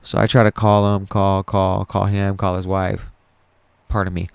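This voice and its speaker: A man with a low, gravelly voice tells a long story on his podcast, rambling and swearing as he goes, often stopping to restart a sentence. The sound is dry and close, with no room echo. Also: completely flat delivery, a little slow. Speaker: podcast host. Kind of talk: casual storytelling monologue.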